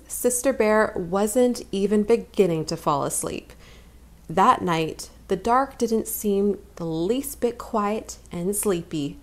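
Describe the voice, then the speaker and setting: A woman hosting a children's read-aloud channel, reading a picture book in a gentle, expressive way. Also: medium pitch. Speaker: children's story reader.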